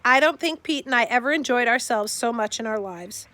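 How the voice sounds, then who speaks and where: A woman's voice: on the high side, a little fast, sharp tone, dry recording. Woman narrating a storybook, dry close sound. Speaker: audiobook narrator.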